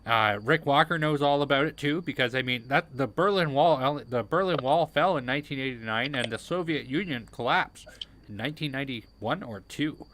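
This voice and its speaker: A man's voice: medium pitch, moderate pace, a bit bright. A man hosting a livestream panel, explaining historical context in a casual way. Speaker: show host. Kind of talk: livestream commentary.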